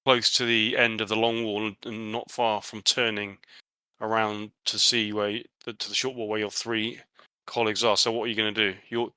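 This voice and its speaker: A man narrating a tabletop horror game as game master, halting often with fillers and restarts. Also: lowish voice, level tone, pushed and bright, smooth, dry recording, low-quality recording.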